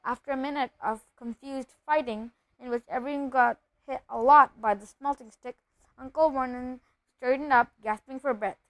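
A woman with a fairly high voice reads a children's novel aloud at a steady pace. She sometimes stumbles and restarts a phrase. The recording is dry and close, with no room sound. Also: normal speed, no echo, low-quality recording. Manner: steady reading with occasional slips and restarts. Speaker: reader.

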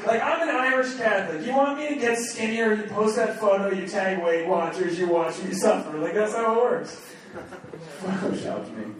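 A man's voice: high-pitched, lively intonation, normal speed, distant mic, a little hiss or hum. A man from New England performing a crude standup comedy set and bantering with hecklers on a club stage. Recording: echoey club recorded from afar with crowd. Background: audience laughter and heckling.

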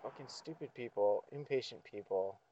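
A man's voice: medium pitch, moderate pace, mellow, highs cut off, slight background noise. A man venting in a profane, sardonic monologue, with frequent swearing and sighs. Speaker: vlogger.

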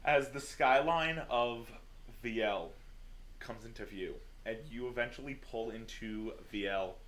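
A man serves as game master for a tabletop game and narrates the scene at an easy pace. He often pauses on fillers. A faint noise sits under his voice. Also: mid-range voice. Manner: relaxed, with many fillers.

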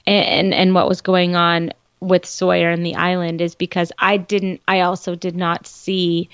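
Female podcast co-host, relaxed and agreeable, lo-fi dry recording. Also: lowish voice, unhurried, clear, resonant tone, dry recording. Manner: agreeable, playful. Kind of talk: casual TV recap chat.

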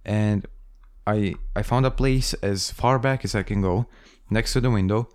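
A man's voice: fairly low pitch, measured pace, a little mellow, clean tone, no echo, studio quality. A man from Croatia in casual podcast chat, blunt and swearing. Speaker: podcast co-host.

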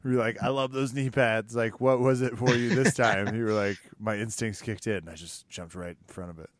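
A man's voice: lowish voice, fairly even intonation, a little fast, dry recording, clean studio sound. A man co-hosting a podcast in casual chat, making teasing jokes. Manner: joking, teasing asides. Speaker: podcast co-host.

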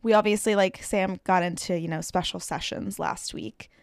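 A woman's voice: fairly low pitch, fairly even intonation, moderate pace, smooth, no echo, studio quality. A young American woman co-hosting a casual news podcast, chatty and full of "like". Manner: chatty, lots of "like". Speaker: podcast co-host.

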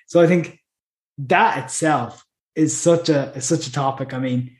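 A fairly high-voiced man co-hosting a podcast, chatty and quick to laugh, often starting his sentences over. His voice carries a roomy echo. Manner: chatty, laughs easily, lots of restarts. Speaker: podcast co-host. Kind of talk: casual podcast chat.

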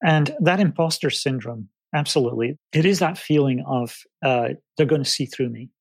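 A man talks through an interview in a gravelly voice. He tells stories with energy and slips into other people's voices as he goes. The recording is dry and close. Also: mid-range voice, moderate pace, no echo. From Scotland. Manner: animated storyteller, acts out clients' reactions. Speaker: guest, past-life reader. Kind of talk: casual interview chat.

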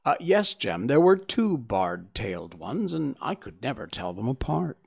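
A man voicing a brisk, practical countrywoman speaking to her brother, in an audiobook. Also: mid-range voice, sing-song, vocal fry, slightly rough, full character voice.

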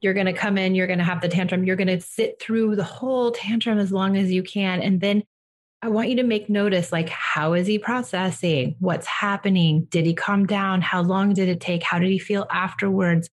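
A woman giving a parent calm, direct advice on handling a child's tantrums. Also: medium pitch, moderate pace. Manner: direct, reassuring, acts out what to say to children. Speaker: parenting coach. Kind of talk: advice session.

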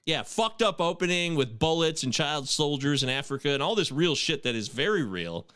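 A man hosting a casual podcast, chatting in an animated, profane way. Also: fairly high pitch, moderate pace, smooth, dry recording, clean studio sound. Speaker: podcast host. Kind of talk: casual chat.

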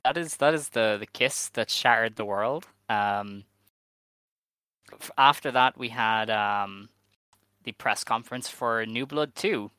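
Low, bright-voiced man hosting a podcast. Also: takes it slowly, clean tone, no echo. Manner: runs the rundown, steady and methodical with "um" fillers. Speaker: podcast co-host. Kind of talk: casual wrestling news podcast chat.

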